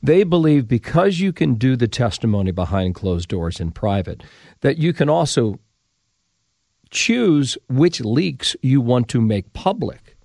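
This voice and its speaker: A man hosting a podcast interview, asking probing questions with lively emphasis. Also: mid-range voice, unhurried, gravelly, no echo, clean studio sound. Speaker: podcast host.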